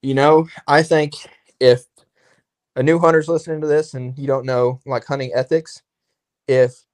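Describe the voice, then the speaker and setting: A man in casual podcast chat, telling a long story in a rambling, lively way and acting out the exchanges he quotes. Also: mid-range voice, moderate pace.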